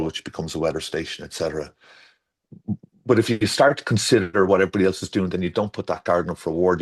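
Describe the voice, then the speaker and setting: A middle-aged Irish man with a very low-pitched voice, chatting as a guest about his design work. He tells long, winding stories, doubling back on his words and jumping up in pitch whenever he acts out what someone said. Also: darkish tone. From Ireland. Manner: rambling storyteller, restarts, acts out quotes with shifting pitch. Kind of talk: casual conversational interview.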